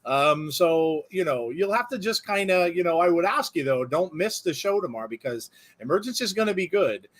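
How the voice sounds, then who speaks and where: A man's voice: high voice, moderate pace, hardly any pauses. A man hosting a live wrestling watch-along, chatting casually and rambling with frequent laughter. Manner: animated, rambling, laughs often. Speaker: host.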